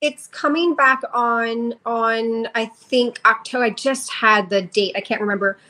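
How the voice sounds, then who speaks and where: A woman's voice: fairly high pitch, unhurried, pushed and bright. A young woman, a podcast guest, telling a story with feeling in a casual interview.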